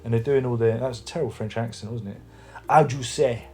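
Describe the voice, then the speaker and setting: A man's voice: medium pitch, fairly even intonation, rapid-fire, warm tone. A man reviewing an album at home, chatting casually with lots of restarts. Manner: rambling, chatty, many restarts. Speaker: music review vlogger. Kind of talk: casual chat. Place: home room with record player and speakers.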